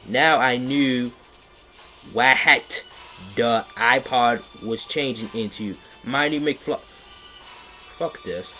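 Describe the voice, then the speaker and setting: Man, unhurried live-stream reader, exasperated, stops to mock the text he reads. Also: mid-range voice, bright, forceful tone, soft background music. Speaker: live streamer reading aloud. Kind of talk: comedic dramatic reading of a fan fiction. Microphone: computer microphone on a live stream.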